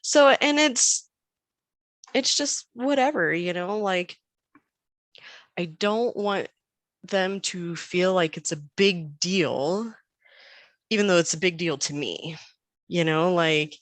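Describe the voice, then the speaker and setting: Woman in her 30s chatting on a podcast, lowish voice, dry close sound, acts out the quotes. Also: dry recording. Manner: animated storyteller who acts out quoted dialogue. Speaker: podcast guest. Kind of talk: casual chat.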